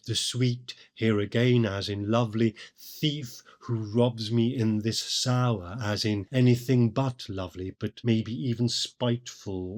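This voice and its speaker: A man hosting a poetry podcast, giving scripted literary commentary in a measured, deliberate way. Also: on the low side. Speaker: podcast host.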